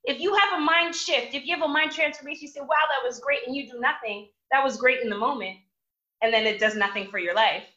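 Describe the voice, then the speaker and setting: High, bright-voiced woman hosting motivational talk. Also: fast talker, lo-fi sound. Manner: emphatic, repeats words for force. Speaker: host of a live motivational show. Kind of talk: live-stream motivational talk.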